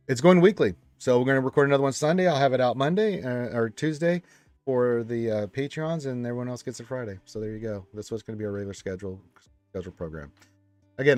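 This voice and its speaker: A man's voice: mid-range voice, darkish tone. A man hosting a casual live stream, reading viewer comments aloud and chatting back from a room full of action figures.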